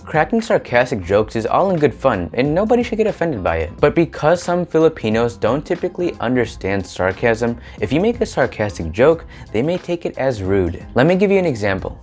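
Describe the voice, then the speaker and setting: A young adult man hosting a scripted advice vlog, speaking in an upbeat, animated way with rising emphasis. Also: medium pitch. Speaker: vlogger host.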